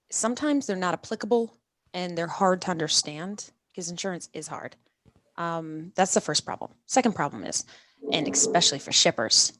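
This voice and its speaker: A woman's voice: fairly low pitch, no echo, clean studio sound. A woman hosting a live-streamed talk show, upbeat and talkative as she explains things to her audience. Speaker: host of a live industry show.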